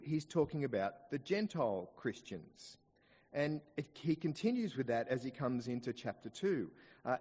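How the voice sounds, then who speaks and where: An Australian man delivers a sermon from the pulpit, his pitch rising and falling freely as he slows down to press home the scripture he quotes. His voice has a middle pitch and carries the long reverb of a church hall. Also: slightly rough. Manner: expressive preaching, slows down to stress quoted scripture. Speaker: pastor.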